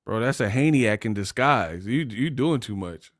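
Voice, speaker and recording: A man's voice: medium pitch, moderate pace, few pauses, no room sound, studio quality. Laughing, trash-talking man on a livestream. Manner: animated, laughing, trash-talking chat readers. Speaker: boxing livestream host. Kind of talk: casual livestream commentary.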